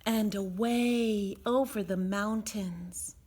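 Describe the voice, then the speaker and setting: Slow expressive woman storyteller. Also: mid-range voice, slight background noise. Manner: expressive and sing-song. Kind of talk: reading a children's picture book aloud.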